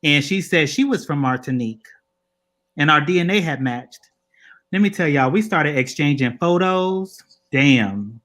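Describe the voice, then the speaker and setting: A man's voice: fairly high pitch, animated, unhurried, fairly bright tone. A man co-hosting a casual panel, telling stories in a loose, profane, laughing way. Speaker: co-host.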